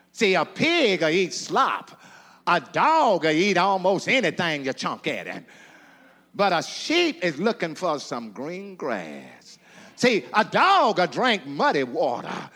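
A male preacher with a higher-pitched voice, swooping up and down as he calls out to his congregation and repeats phrases in a rolling, rhythmic delivery. His words hang in the long echo of a hall. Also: a bit bright. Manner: call-and-response preaching with rhythmic repetition. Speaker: pastor. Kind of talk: sermon.

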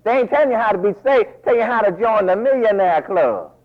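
A man preaching a folksy, animated sermon full of asides, recorded as a dull lo-fi radio broadcast. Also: sits high, brisk.

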